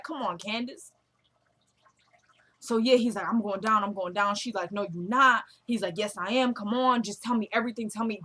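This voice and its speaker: A woman's voice: fairly high pitch, pushed and bright. Chatty woman acting out a TV recap. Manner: retells scenes by acting out the characters' lines. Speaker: TV recap vlogger. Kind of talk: casual episode recap.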